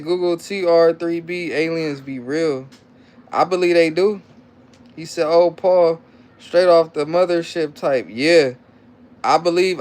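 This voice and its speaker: A livestream host with a fairly high, darkish voice reads viewer comments aloud during a casual stream, repeating himself in loose slang. He's playful and coaxing toward his child.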